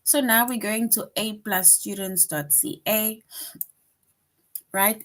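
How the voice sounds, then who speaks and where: A woman's voice: mid-range voice, fairly even intonation, moderate pace. A woman teaching a grammar lesson to young children, patient and repetitive, checking in with "right?" after each point.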